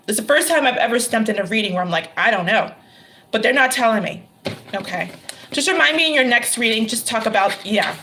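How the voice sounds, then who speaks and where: A woman's voice: medium pitch, fairly bright tone, low-quality recording. A woman hosting a live-stream tarot reading, talking casually to viewers by name and laughing often.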